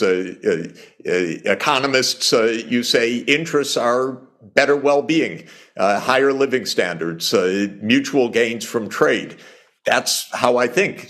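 A man's voice: medium pitch, fairly bright tone. An older man speaking as an economist in a panel discussion, hesitant with many filler sounds, growing emphatic when he argues a point. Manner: grows emphatic and exasperated when arguing. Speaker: economist guest.

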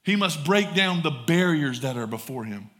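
A man's voice: on the high side, lively intonation, moderate pace, fairly bright tone. A man with a Southern US accent preaching a sermon from the pulpit, folksy and talking straight to the congregation. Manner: folksy, addresses congregation as y'all. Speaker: pastor. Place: church sanctuary.

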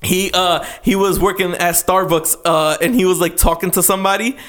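High-voiced man chatting casually. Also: moderate pace. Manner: animated storytelling, acting out quotes, laughs often. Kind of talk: casual chat.

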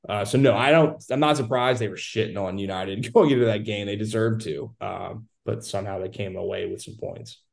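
Man, sports analyst guest, low pitch, analytical, confident, casual chat. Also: fairly quick, creaky, hardly any pauses.

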